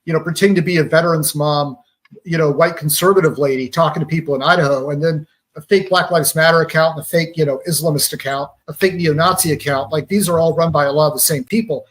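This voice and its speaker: A man from Georgia talks through his points as a radio guest, calm and analytical, reaching for pop-culture comparisons. His voice sits a little high for a man. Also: fast. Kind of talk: conversational explaining.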